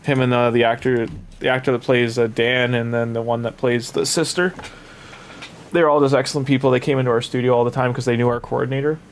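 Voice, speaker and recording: A man's voice: medium pitch, level tone, fast, a little hiss or hum. A Canadian man with a Canadian accent, casually chatting while playing a game, sleepy and rambling with lots of restarts. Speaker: game streamer. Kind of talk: casual gaming commentary.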